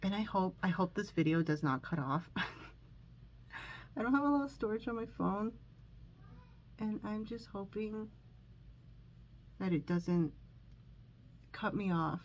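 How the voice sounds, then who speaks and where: A makeup vlogger chats while doing her makeup in a room at home, recording on her phone. Her medium-pitched voice is animated but slow, with long pauses; she's rambling and self-conscious, full of fillers and restarts, a bit nervous and sniffling from allergies. The audio is poor.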